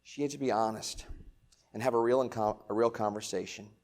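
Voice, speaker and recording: A man preaching a sermon in a casual, conversational way, asking rhetorical questions and swinging between loud emphatic lines and quiet ones. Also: on the low side, fairly even intonation, fairly quick. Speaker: pastor.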